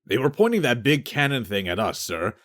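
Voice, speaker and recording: Here a male audiobook narrator plays a slow-witted sergeant who takes everything literally. The delivery stays quiet, low and flat, moving along briskly.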